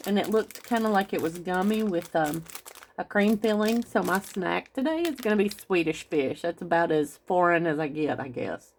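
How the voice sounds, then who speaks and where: A woman's voice: fairly low pitch, creaky. A woman chatting casually through a craft video, rambling and talking straight to her viewers. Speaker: craft vlogger.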